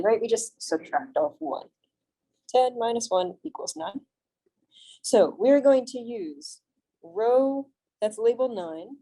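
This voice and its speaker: A woman's voice: fairly high pitch, mellow, husky, low-quality recording. A young woman teaching a college math lecture in a classroom, friendly and reassuring, often checking in with the students. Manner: friendly, reassuring, asks frequent check-in questions. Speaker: math instructor. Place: classroom, also streamed on video call.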